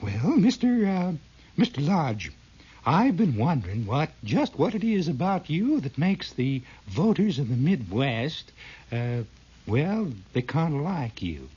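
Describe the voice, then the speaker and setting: Man doing a breathy Southern TV panel lady, mellow and husky, dull old tape. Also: on the high side, very animated, unhurried, pitched above the performer's own voice, exaggerated voice. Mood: coy. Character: folksy Southern woman TV panelist.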